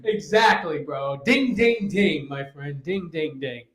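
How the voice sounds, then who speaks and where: A man running a trivia round on a casual podcast, laughing easily and calling his co-host buddy. His voice sits a little high for a man. The room around him is roomy and echoey. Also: animated, slow pace, a bit bright. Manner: jokey, laughs often, calls partner buddy. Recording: roomy echo.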